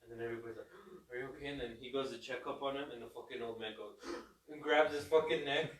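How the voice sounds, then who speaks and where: A man's voice: mid-range voice, quick pace. A man hosting a casual podcast, eagerly retelling funny movie scenes with quoted lines. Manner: animated storyteller retelling comedy scenes. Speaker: podcast host. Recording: roomy room, distant mic.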